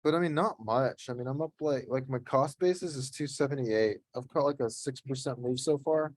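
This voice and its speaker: A man's voice: medium pitch, normal speed, no echo. A man hosting a live trading session on a voice call, talking in a blunt, profane, laid-back coaching way. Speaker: host streaming live trades. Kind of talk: casual chat on a voice call.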